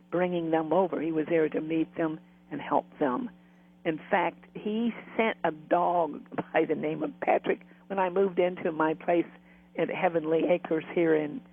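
A man's voice: a little high, gravelly, slightly rough, narrow, tinny audio. A man, a guest who works as a spiritual medium, telling rambling stories in an interview with frequent restarts. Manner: rambling, restarts often, laughs while telling. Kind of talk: storytelling interview.

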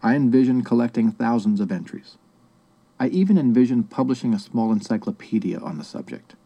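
Man, audiobook narrator, first-person, measured reflective reading, very dark mellow voice, mid pitch. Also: creaky, slightly rough.

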